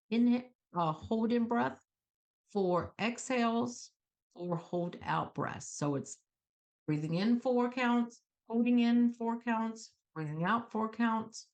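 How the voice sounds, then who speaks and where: Animated woman hosting a self-help show. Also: on the high side. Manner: animated, coaching, acts out calm self-talk. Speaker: host.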